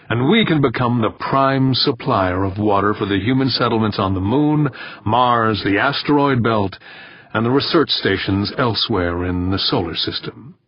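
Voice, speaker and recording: A man reading the part of a confident politician giving a measured, firm campaign answer. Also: lowish voice, slightly rough, no room sound. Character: smooth, self-assured male politician. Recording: dull, dry, slightly muffled recording.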